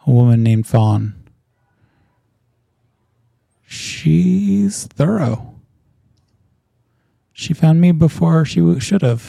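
A man voicing a gentle middle-aged mother who talks softly and encouragingly, with hesitant pauses. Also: medium pitch, vocal fry, dry recording, studio quality.

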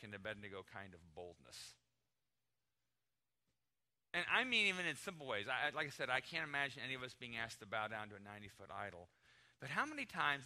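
An American man in middle age preaches in a relaxed, conversational way, stressing key words and slipping into little acted-out exchanges. His voice is very bright and sits at an ordinary pitch for a man. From United States. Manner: conversational, emphatic, acts out little dialogues. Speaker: pastor. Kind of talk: sermon.

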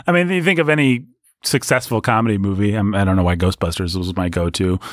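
Animated man co-hosting a podcast. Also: quick pace, no echo, clean studio sound. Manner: animated, jumps into high mock voices for jokes. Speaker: podcast co-host. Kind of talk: casual podcast discussion.

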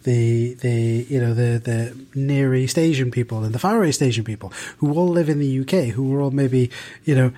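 A man's voice: mid-range voice, moderate pace, dark tone. A man from the UK co-hosting a podcast, talking in a thoughtful, rambling way with many restarts and fillers. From United Kingdom. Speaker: podcast co-host. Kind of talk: casual podcast discussion.

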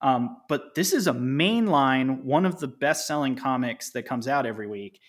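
A man co-hosting a podcast in casual chat, explaining at length and laughing quickly. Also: medium pitch, animated. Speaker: podcast co-host.

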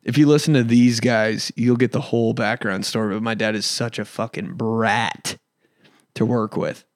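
A man's voice: fairly low pitch, steady tone, moderate pace, no room sound, studio quality. A man in his twenties from Indiana, hosting a casual solo podcast with rambling, profane storytelling. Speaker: podcast host and comedian.

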